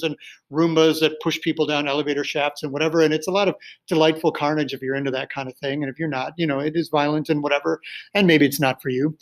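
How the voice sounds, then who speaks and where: A man's voice: on the high side, poor audio. A male teacher casually recommending books to his students, rambling loosely with many fillers and restarts.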